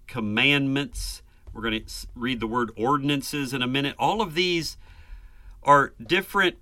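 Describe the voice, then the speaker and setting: A man's voice: mid-range voice, sharp tone, no echo. A man preaching a sermon, earnest and emphatic, building lists and rhetorical questions.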